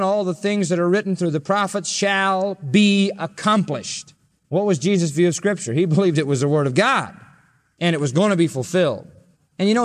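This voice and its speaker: A man preaching a sermon, quoting scripture and asking his listeners rhetorical questions. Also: high voice.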